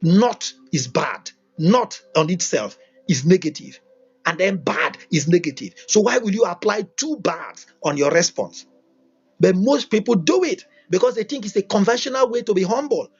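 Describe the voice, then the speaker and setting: A motivational teacher gives a livestreamed talk, emphatic and repetitive, firing off many rhetorical questions. His voice sits high, expressive and breathy-edged at a moderate pace, on a dull lo-fi recording.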